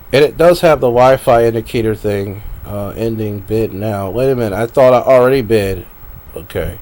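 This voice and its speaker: A man's voice: lowish voice, a little mellow. A man live streaming at his computer, rambling to himself with frequent laughs as he browses. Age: adult. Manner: meandering, talks to himself, laughs often.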